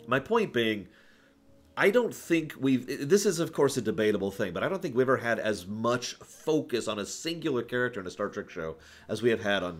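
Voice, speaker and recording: Animated opinionated male streamer. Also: fairly low pitch. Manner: opinionated, rambling with restarts and sighs. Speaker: streamer host. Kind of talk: casual livestream commentary.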